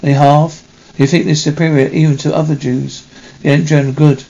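A man reading a film script aloud in a halting way, correcting himself as he goes. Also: fairly high pitch, level tone, vocal fry, warm tone, muffled recording. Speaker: reader.

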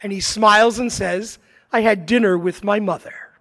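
A man preaching a sermon, telling a joke and a personal story with dramatic pauses and swells. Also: high-pitched, fairly even intonation, bright, forceful tone, in a large hall. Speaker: priest. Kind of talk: sermon with told anecdotes.

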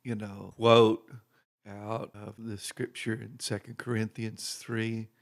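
A slow-speaking man with a gravelly, fried edge to his voice shares stories as a guest minister. He rambles a little, with fillers and pauses, and gets louder as a tale builds. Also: on the low side. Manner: unhurried, gravelly, many fillers, grows loud and excited telling stories. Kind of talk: casual storytelling chat.

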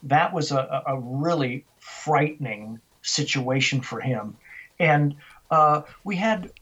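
Husky older man telling stories. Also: a little high, expressive, slow pace, fairly bright tone, highs cut off. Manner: vivid storyteller who acts out dialogue. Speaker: interview guest, author. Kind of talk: storytelling interview.

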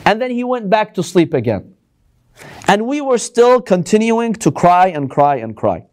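A man's voice: high voice, big pitch swings, normal speed, darkish tone. A man giving a religious lecture to a live audience, arguing with lots of rhetorical questions.

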